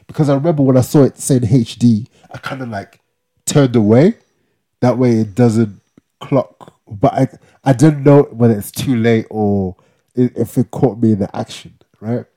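Young man, podcast co-host, mellow, animated storytelling, slangy. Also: medium pitch, normal speed. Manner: animated, acts out quotes with slang, many "yeah?" tags. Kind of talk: casual storytelling chat.

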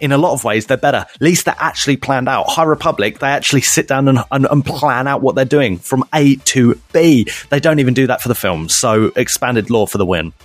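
A man on a casual podcast, ranting in mock outrage, fast and stumbling over repeated words. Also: mid-range voice, no room sound. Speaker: podcast co-host. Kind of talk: casual chat, mock rants.

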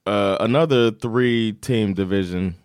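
A man co-hosting a casual sports chat, animated and profane, quick to joke and swear. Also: on the low side, dry recording, studio quality. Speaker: podcast co-host.

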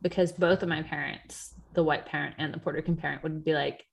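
A woman's voice: low-pitched, fairly even intonation, fast, gravelly. A woman co-hosting a podcast in casual chat, swearing freely, laughing often and acting out the voices of people she quotes. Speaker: podcast co-host.

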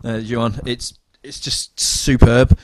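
A man's voice: medium pitch, level tone, slow pace, no room sound. A man co-hosting a casual podcast, enthusiastic, swearing freely and repeating words. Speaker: podcast co-host. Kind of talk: casual chat.

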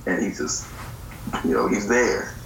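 Man, podcast co-host, laid-back music talk, low bright voice, roomy echo. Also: fairly even intonation, a little slow. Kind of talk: casual hip-hop talk. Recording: roomy echo, faint background hiss.

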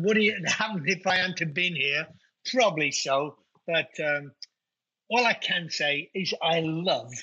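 Bright husky Nottingham man. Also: on the high side, lo-fi sound. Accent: Nottingham English. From England. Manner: chatty, colloquial, with fillers. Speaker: guest. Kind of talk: casual interview chat.

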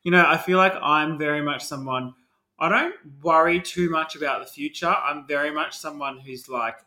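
A man's voice: a little high, moderate pace, sharp tone. A man co-hosting a casual podcast, speaking bluntly and swearing freely. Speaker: podcast co-host. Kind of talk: casual chat. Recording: roomy echo.

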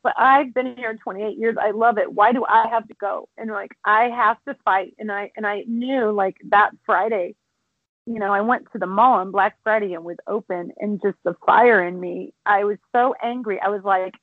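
A middle-aged woman on a tinny, dry phone line, talking through tears as she tells her story. She stumbles and restarts often, her voice at a middle pitch. The sound is narrow and close, with no room around it. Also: fairly even intonation, dry recording. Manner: tearful, halting, many restarts. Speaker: restaurant and bar owner. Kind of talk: emotional interview over the phone.

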